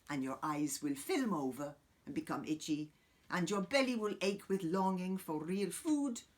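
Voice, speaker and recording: A man playing an eccentric middle-aged woman guru, rambling and swearing in an improvised comic monologue, lurching between loud outbursts and hushed asides. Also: sits high. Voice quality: profane, wandering, sudden loud outbursts then quiet asides. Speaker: comic character host. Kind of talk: improvised character monologue to camera.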